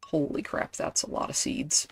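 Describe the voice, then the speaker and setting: A woman's voice: moderate pace, slight background noise. A woman streaming a game, chatting casually and rambling with lots of fillers and self-deprecating asides.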